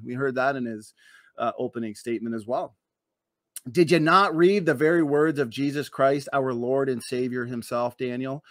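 A man's voice: mid-range voice, expressive, normal speed, fairly bright tone, no echo, clean studio sound. A man giving a debate opening statement, emphatic and sarcastic, firing off rhetorical questions.

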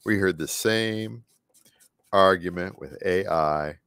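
This man's low-pitched voice is gravelly yet smooth and a bit bright, and he speaks slowly in a dry, studio-quality recording. He chats in a rambling way while painting on a live stream, scratchy, muttering to himself, and trailing off mid-sentence.

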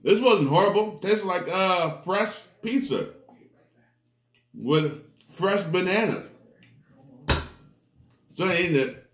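A man's voice: high-pitched, expressive, takes it slowly, long pauses, fairly bright tone, roomy sound. A man reviewing snacks on camera, talking to his viewers and groaning dramatically at each bite. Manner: dramatic, groaning reactions to the taste; talks straight to viewers as "people". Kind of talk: casual food-tasting vlog talk.

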